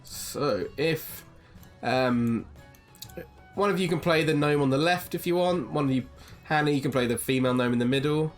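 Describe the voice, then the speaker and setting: A man's voice: a little high, moderate pace, soft background music. A man running a tabletop game as game master, narrating casually with lots of ums. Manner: casual, rambling with many ums.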